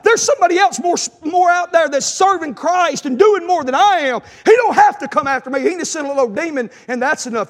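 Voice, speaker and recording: A man, preaching an impassioned sermon and telling a personal story, shouting at the peaks. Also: extremely high pitch.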